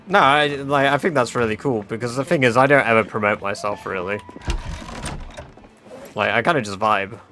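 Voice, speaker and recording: A man's voice: medium pitch, normal speed, pauses often, sharp tone, slight background noise. A man streaming a game, chatting casually and reading chat aloud with offhand swearing. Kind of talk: casual livestream chat while gaming.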